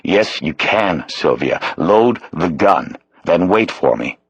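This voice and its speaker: A man's voice: deep voice, expressive, slow, slightly rough, dry recording, exaggerated voice. A man voicing a male police detective giving firm, urgent instructions.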